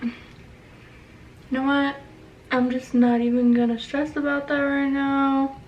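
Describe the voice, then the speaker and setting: A woman's voice: high-pitched, completely flat delivery, a little slow, a little mellow, distant mic, lo-fi sound, slight background noise. A young woman, pregnant, talking casually through a makeup tutorial and a rant, blunt and profane. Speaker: beauty vlogger.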